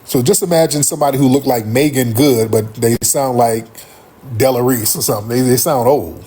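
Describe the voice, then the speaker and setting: A middle-aged man hosting a livestream, telling a comic story in a rambling, profane, animated way. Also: mid-range voice, fairly quick, husky. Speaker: livestream host.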